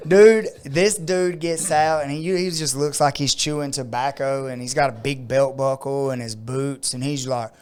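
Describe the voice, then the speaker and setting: A man telling a long story in casual podcast chat, leaning on "like" and acting out the people in it with sudden loud outbursts. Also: mid-range voice, fairly even intonation, moderate pace, few pauses, smooth. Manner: frequent "like" fillers. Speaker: podcast co-host.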